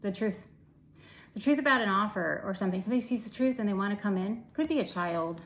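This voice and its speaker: Gravelly-voiced woman giving a tarot reading. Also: mid-range voice, fast, rough recording. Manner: chatty, affirming, swears casually, drops to whispers. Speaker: tarot reader. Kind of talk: casual tarot reading to camera.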